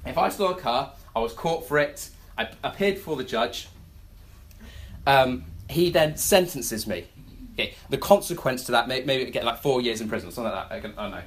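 A preacher giving a sermon, telling everyday stories with many restarts and quick acted-out asides. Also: mid-range voice. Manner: animated storytelling with many restarts.

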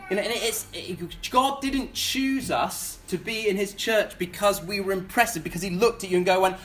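A preacher talks through a sermon in an easygoing, conversational way, often restarting words and asking the congregation questions. The voice sits at a middle pitch. A faint hiss of noise runs under the recording. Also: normal speed, hardly any pauses, fairly bright tone.

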